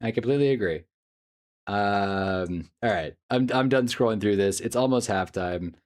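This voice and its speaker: A man's voice: lowish voice, moderate pace, darkish tone. A man live streaming, chatting casually and rambling as he reacts to things on screen and talks to his chat, often laughing. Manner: talks to chat while browsing online.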